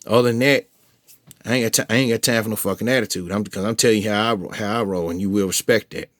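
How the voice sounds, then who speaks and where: A man with a fairly low voice tells his followers about a personal run-in, swearing freely and stumbling over restarts as he goes. The sound is dry and close, with no room around it. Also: fast, dry recording. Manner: profane, animated retelling with heated quoted outbursts; frequent restarts and filler phrases. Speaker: vlogger updating followers. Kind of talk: casual storytelling to camera.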